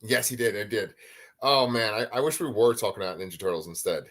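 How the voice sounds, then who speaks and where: A man co-hosting a live review show from a home bedroom over a video call, talking in a casual, animated way and swearing now and then. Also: fairly low pitch, quick pace. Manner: animated, swears casually, tries silly voices. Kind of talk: casual chat.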